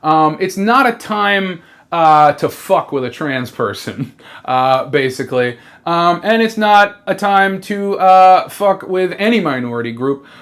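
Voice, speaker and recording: A trans person in a rambling comedic monologue, halting and sincere, with lots of fillers, restarts and casual swearing. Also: mid-range voice, expressive, a bit bright. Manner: swears freely.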